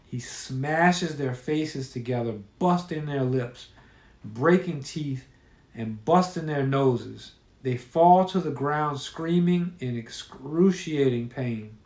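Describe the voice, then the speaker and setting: Male storyteller reading horror, unhurried and grim, recorded in a roomy space. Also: mid-range voice, darkish tone. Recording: roomy echo.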